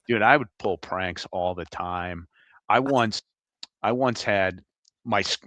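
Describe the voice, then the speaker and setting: A middle-aged man, a retired agent, telling animated, laughing anecdotes as a guest in a casual interview. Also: fairly low pitch, no room sound.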